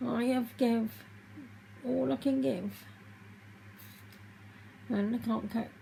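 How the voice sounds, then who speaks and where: A woman vlogging to camera, tearful and halting as she speaks openly about her feelings. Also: on the high side, fairly even intonation, gravelly, dark tone, a little hiss or hum, rough recording. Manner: halting, emotional, confessional. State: tearful, crying. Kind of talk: personal vlog talking to camera.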